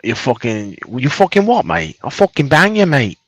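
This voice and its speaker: A man's voice: a little high, big pitch swings, moderate pace, no room sound. A man with a Northern English accent calling into a stream, laddish and sweary, mumbling his answers. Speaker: caller on a live stream. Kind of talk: casual chat on a call.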